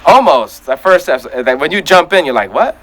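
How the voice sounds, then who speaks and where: A man hosting a casual podcast chat, talking in an animated way and acting out his reactions. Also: a little high, fairly quick, rough recording. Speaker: podcast host.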